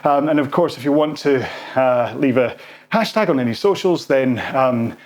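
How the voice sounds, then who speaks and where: A man's voice: mid-range voice, normal speed, a little mellow. A man coaching a follow-along rowing workout while rowing himself, out of breath, counting strokes and encouraging.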